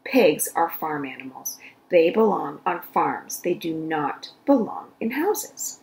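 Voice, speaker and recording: A woman voicing a stern, opinionated older sister in a children's storybook, lecturing and shouting. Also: low-pitched, sing-song, takes it slowly, heavily acted.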